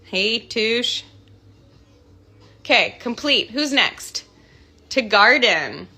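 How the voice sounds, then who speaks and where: Canadian woman, 30s, bright and lively, casual stream chatter while she signs prints. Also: a little high, drawn-out words. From Canada, part childhood in Scotland. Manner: chatty, bubbly, thinking aloud while signing. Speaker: voice actor signing autographs on a livestream. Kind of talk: casual livestream chat.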